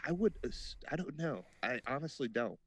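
A man co-hosting a podcast, talking in casual, halting remarks about a show. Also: medium pitch, lively intonation, a bit bright. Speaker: podcast co-host. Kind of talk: casual chat.

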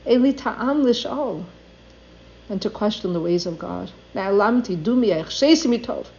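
A woman's voice: mid-range voice, animated, unhurried, a little mellow. An older woman giving an earnest religious talk, reading passages aloud and then translating them. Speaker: Torah teacher. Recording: dull lo-fi recording.

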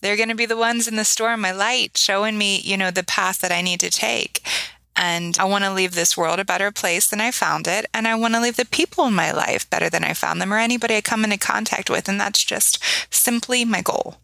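A woman in her thirties tells personal stories with earnest feeling and a bright, forceful edge to her voice. She often tacks on "right?" for emphasis and acts out little quoted exchanges. The sound is dry and close, with hardly any room around it. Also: mid-range voice, brisk, vocal fry, no room sound, poor audio. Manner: earnest, emotional storytelling with lively quoted voices. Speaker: podcast guest. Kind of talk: heartfelt interview talk.

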